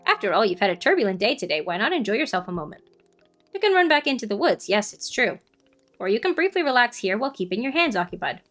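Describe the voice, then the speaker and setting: A woman voicing a gentle, formal giant male tea-shop keeper in a game, with stiffly polite phrasing. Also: on the high side, big pitch swings, fast talker, soft background music. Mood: gently coaxing.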